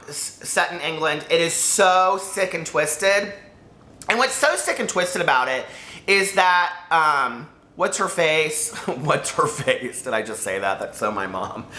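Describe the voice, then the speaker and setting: A man chats casually about a book he loves, rambling and excitable, with frequent restarts and tangents. His voice is bright and forward. The room around him is noticeably echoey. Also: a little high. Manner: rambling, excitable, self-interrupting. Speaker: book reviewer. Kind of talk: casual chat to camera.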